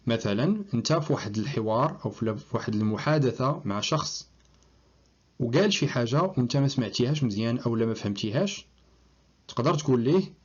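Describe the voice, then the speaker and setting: A man with a Moroccan accent teaching English phrases, reading model sentences slowly and checking in with "okay?". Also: mid-range voice, expressive, husky, dull audio. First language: Moroccan Arabic. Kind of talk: language lesson, switching between English and Moroccan Arabic.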